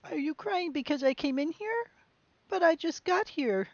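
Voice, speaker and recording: A woman's voice: high-pitched, lively intonation, normal speed, no echo, lo-fi sound, voice pushed up. A woman reading the lines of a friendly but pushy little boy who coaxes and questions his new neighbor. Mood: coaxing. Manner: coaxing, questioning.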